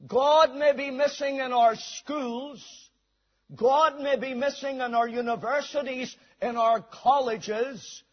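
A man's voice: very high voice, steady tone, takes it slowly. A man preaching a sermon, reading scripture aloud and telling a story to his listeners. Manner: reads scripture aloud then tells a story. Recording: dull recording in a hall with long reverb.

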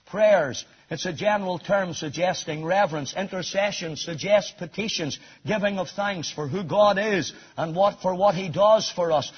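A man preaching a sermon, emphatic, swinging from near shouts to a low, quiet delivery. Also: normal speed, hardly any pauses, breathy edge. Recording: dull lo-fi recording.

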